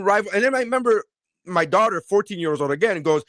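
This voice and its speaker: Fast, animated man telling a story. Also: sits high, no room sound. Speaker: podcast co-host. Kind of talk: casual chat.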